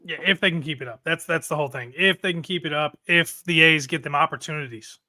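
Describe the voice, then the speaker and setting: Man, co-host, baseball chat, measured, dry humor, bright tone. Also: on the high side. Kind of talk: casual sports chat.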